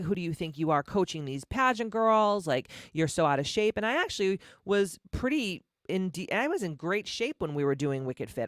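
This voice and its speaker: Speaking on the low side, a fortysomething woman gives a candid, emphatic personal monologue on her podcast, cursing freely. The studio-quality recording has no room sound.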